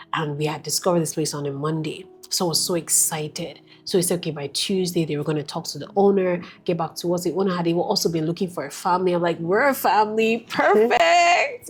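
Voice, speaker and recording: A woman sharing a personal faith testimony as a guest, telling it in an emphatic, lively way. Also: fairly low pitch, husky.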